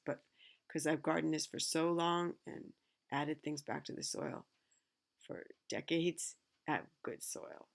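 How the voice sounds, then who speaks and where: A middle-aged woman with a gravelly, creaky voice reads a children's picture book aloud. She keeps breaking off from the text to add chatty asides of her own. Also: sits low. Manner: chatty asides between read passages. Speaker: reader.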